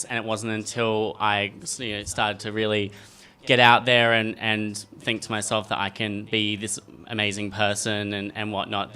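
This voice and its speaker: A man's voice: on the low side, sharp tone, clear, resonant tone. A man speaking on a fan meetup panel in an event room, rambling with restarts and fillers. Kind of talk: casual panel talk.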